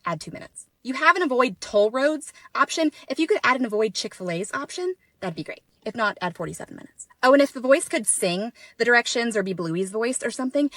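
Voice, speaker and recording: Sarcastic, exasperated mom. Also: female voice, fairly high pitch, animated, brisk, bright, forceful tone. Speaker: mom comedian. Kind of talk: comedic monologue.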